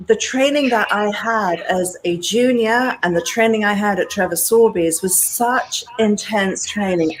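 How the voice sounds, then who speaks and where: A British woman in her sixties, an animated storyteller who talks straight to her listeners in an interview. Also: mid-range voice, rough recording. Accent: British English. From England. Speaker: guest hairdresser and educator.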